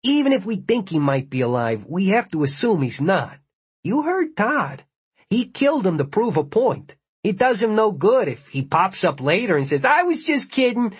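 A man's voice: sits high, sing-song, moderate pace, husky, dry recording, pitched above the performer's own voice, heavily acted. A man voicing a blunt, pragmatic adult man who speaks firmly.

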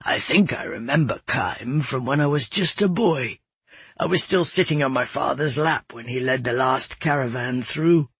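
A man voicing a calm, wise old male roadmaster in an audiobook, speaking slowly and softly. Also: medium pitch, slightly rough, no echo. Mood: reminiscing. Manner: slow, soft-spoken. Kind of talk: audiobook narration.

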